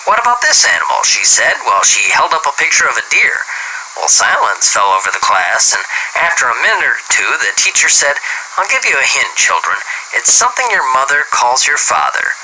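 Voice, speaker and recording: A man reading dirty jokes aloud as an animated storyteller who starts many lines with "well". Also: mid-range voice, normal speed, a little hiss or hum, rough recording.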